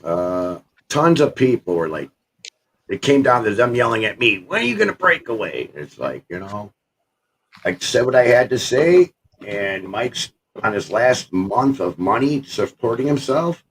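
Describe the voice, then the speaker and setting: Lively-pitched man. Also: measured pace, a little hiss or hum. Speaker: guest. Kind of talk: casual chat.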